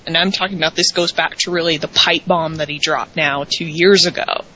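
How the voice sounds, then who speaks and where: Woman, casual recap chat, emphatic and enthusiastic, lowish pitch, bright tone, dull lo-fi sound. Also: steady tone, fairly quick. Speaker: podcast co-host. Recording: dull lo-fi audio.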